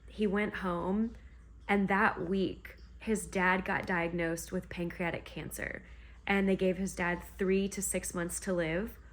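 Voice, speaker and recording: A woman's voice: on the low side, steady tone, slow. A woman retelling a romance novel in a chatty, gushing way on her book vlog. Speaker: book vlogger. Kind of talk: casual book reading vlog.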